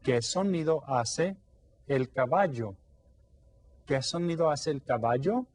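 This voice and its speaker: A man's voice: a little high, animated, unhurried, pauses often, a little mellow, dry recording. A man teaching a playful children's Spanish lesson, coaxing the kids with questions and mimicking animal sounds.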